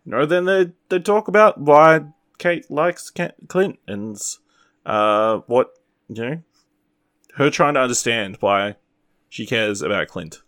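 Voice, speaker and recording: A man's voice: mid-range voice, slow pace, dry recording, studio quality. A man co-hosting a casual podcast chat, rambling easily with fillers. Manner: relaxed, rambling with fillers and laughs. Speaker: podcast co-host.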